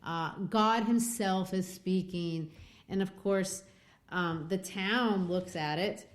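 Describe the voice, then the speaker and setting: Woman podcast host, lower voice, animated, chatty literary breakdown. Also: takes it slowly. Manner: animated retelling with many fillers.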